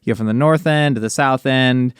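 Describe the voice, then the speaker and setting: A man's voice: mid-range voice, fairly quick, clear, resonant tone, no echo, studio quality. A man co-hosting a podcast, explaining things in a rambling, casual way with lots of fillers. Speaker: podcast co-host.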